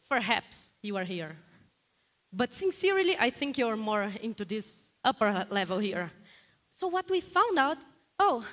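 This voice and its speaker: A woman from Brazil with a Brazilian Portuguese accent, giving a lively guest lecture in a hall and putting frequent questions to the audience. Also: high-pitched. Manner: animated, questions the audience often.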